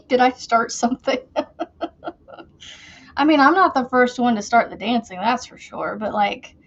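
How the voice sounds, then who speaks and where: Slow chatty lady crocheting live, kinda out of breath, dull lo-fi sound. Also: a little high, expressive. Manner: chatty, giggly, talks to viewers. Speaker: crochet channel host. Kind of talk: casual livestream chat while crocheting. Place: home, seated in a chair.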